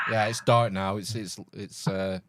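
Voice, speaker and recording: A man with a Lancashire accent hosting a podcast, laid-back and quick to laugh in casual chat. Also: lowish voice, little pitch movement, noisy background. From England. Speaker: podcast host. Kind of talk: casual video-call chat.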